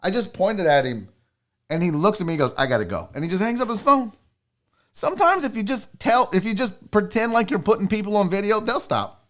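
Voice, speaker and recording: A man's voice: sits high, brisk. A man hosting his own show, telling a comic story as a profane, sarcastic rant. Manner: animated, swearing, sarcastic. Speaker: sports show host.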